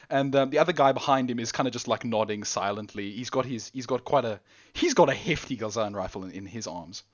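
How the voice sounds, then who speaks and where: A man's voice: medium pitch, a little fast, lo-fi sound. A man narrating a tabletop role-play game as game master, rambling and correcting himself. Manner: rambling, self-correcting, laughs often.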